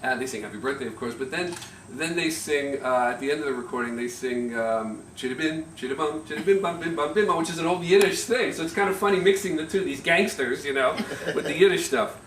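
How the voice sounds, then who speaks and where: A middle-aged man giving a chatty, slightly nervous speech at a family party, telling anecdotes with halting restarts and little chuckles. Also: mid-range voice, fairly bright tone, a little hiss or hum. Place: party room, indoors. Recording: echoey, distant amateur room recording.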